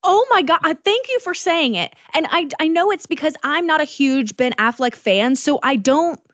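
A woman co-hosting a pop culture podcast, excitable and colloquial, laughing often. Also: high voice, moderate pace, dry recording, dull audio. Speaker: podcast co-host. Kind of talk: casual chat.

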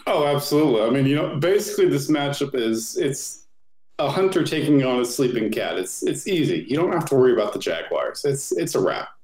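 A man's voice: mid-range voice, animated, a little fast, darkish tone, reverberant, rough recording. A man speaking as a guest on a sports podcast, talking in a confident, emphatic way. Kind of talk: casual sports podcast chat.

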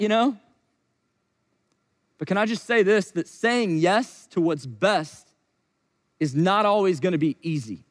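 A man preaching a sermon, animated and acting out quoted voices as he speaks. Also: high-pitched, long reverb tail. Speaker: pastor.

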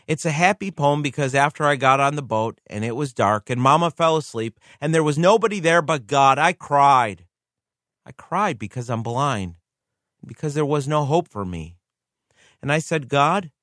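A man's voice: mid-range voice, fairly bright tone, no echo, studio quality. A man voicing an earnest, eager blind little girl who dictates a heartfelt letter to her grandfather.

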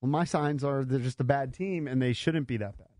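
A man hosting sports talk radio, opinionated and quick to cut in on his co-hosts. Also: medium pitch, darkish tone, dry recording, studio quality. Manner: opinionated, talks over others.

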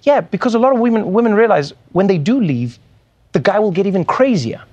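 A man's voice: high voice, animated, fairly quick, darkish tone. A man, a TV host, giving an earnest monologue and mimicking other people's voices. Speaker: late-night TV host. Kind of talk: monologue commentary.

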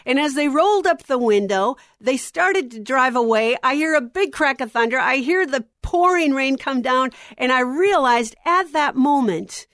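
A middle-aged woman preaches to a room of women, weaving a personal story into her message and acting out the voices in it. Her voice sits a little high, and the sound is dry and close. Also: moderate pace, few pauses, no room sound. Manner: animated storyteller, acts out dialogue. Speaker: women's ministry speaker.

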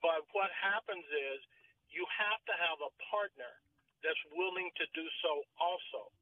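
A man appearing as a guest on a radio show, measured and instructive as he explains. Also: on the high side. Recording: distant tinny phone line with faint noise.

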